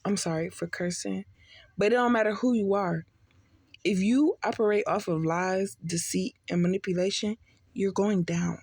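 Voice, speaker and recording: A woman's voice: medium pitch, moderate pace, a little mellow, breathy edge, no echo. A tipsy woman giving a casual spiritual reading, blunt and profane, full of streetwise slang. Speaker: tarot reader.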